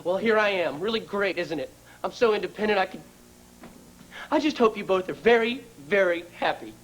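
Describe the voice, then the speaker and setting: An actor playing a bitter young adult son who speaks in an accusing tone. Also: male voice, sits high, animated, fairly quick, fairly bright tone, poor audio.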